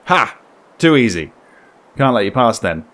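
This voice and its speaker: A blunt, demanding young man guards a door in a video game, drawling his lines slowly with a sneer, as a man reads them out. The voice stays lively and rises and falls freely in pitch. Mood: surly. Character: surly young man blocking a doorway.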